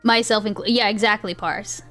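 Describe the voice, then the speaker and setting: A woman's voice: medium pitch, steady tone, moderate pace, fairly bright tone. A woman livestreamer chatting casually with her chat, rambling, restarting sentences and laughing often. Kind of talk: casual live-stream chat. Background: faint chill background music.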